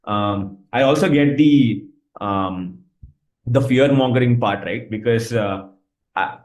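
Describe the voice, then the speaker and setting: Guest, football coach, giggly, hesitant, roomy off-mic sound. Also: male voice, mid-range voice, takes it slowly, darkish tone, distant mic. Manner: laughs often, hesitant with many fillers. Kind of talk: casual interview.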